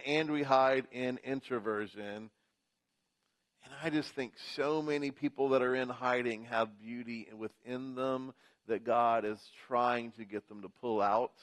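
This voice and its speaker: Man, pastor, sermon, rhythmic repetition, rising emphasis, mid-pitched voice. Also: fairly bright tone. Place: church.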